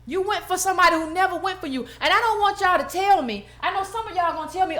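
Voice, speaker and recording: A woman's voice: very high-pitched, fast, hardly any pauses, fairly bright tone, roomy sound. A woman hosting her own channel, giving indignant, emphatic commentary and repeating herself for emphasis. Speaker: political commentator, channel host. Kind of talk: impassioned video commentary.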